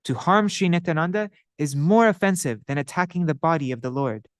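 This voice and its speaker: A man voicing a stern divine lord who pronounces judgment in a firm, measured way. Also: fairly high pitch, clear, resonant tone, no echo, clean studio sound, natural voice.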